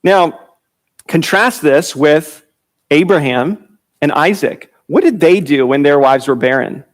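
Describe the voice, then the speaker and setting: A male pastor teaching from scripture in a relaxed, conversational sermon. His voice sits a little high for a man. He often chuckles and breaks off to restart his sentences. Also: slow pace. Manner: informal, chuckling, frequent fillers and restarts.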